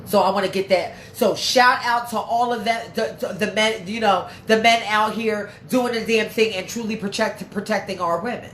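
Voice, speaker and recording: A woman's voice: mid-range voice, steady tone, normal speed, few pauses, fairly bright tone. A woman hosting a casual livestream, reading viewer comments and talking bluntly and profanely with heated emphasis. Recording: echoey room with faint background noise.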